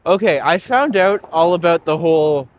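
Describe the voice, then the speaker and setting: A man's voice: fairly high pitch, animated, moderate pace, a little hiss or hum. A man from Canada, a tour guide, chatting and joking while walking uphill outdoors. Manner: joking and chatty, laughs often. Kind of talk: casual chat while walking.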